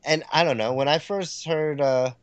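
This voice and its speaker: A man co-hosting a casual podcast chat, excitable and quick to laugh as he tells stories. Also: fairly high pitch, smooth, no room sound. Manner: excitable, laughs often, animated storytelling. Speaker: podcast co-host.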